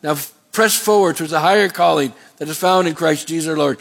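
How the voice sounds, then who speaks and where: A man's voice: fairly high pitch, quick pace, vocal fry, few pauses, fairly bright tone. A man preaching a sermon as pastor, emphatic, asking the congregation to answer back. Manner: preaching with call-and-response questions; emphatic, rising on exhortations.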